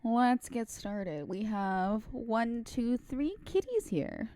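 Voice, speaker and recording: A woman's voice: a little high, sing-song, takes it slowly, mellow, no room sound. A young adult woman streamer giving casual let's-play commentary, chatty and reading game text aloud.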